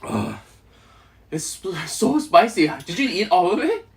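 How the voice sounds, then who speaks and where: Male live streamer, casual and joking, with a lively, bouncy pitch. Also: a little slow. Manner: animated, joking, laughing often. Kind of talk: casual live stream chat while eating.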